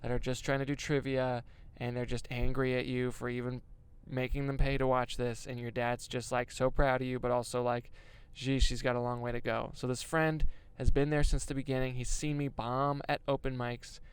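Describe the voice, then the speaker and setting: A man's voice: medium pitch, flat delivery, moderate pace, few pauses, smooth. A young man, a stand-up comedian, chatting casually and rambling with self-deprecating jokes and swearing while he drives a van. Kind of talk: casual vlog chat while driving. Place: inside a moving van.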